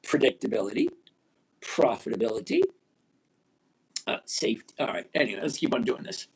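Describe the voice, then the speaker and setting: A man in his sixties hosting a live stock-trading chat, blunt and emphatic, repeating key points slowly. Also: mid-range voice, very animated, vocal fry, slightly rough. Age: 60s. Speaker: livestream host.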